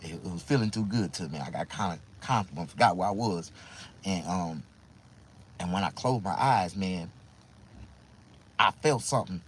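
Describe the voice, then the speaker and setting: A man's voice: deep voice, expressive, moderate pace, long pauses, husky. A man telling a rambling personal story in a casual, profane way, laughing often and repeating himself.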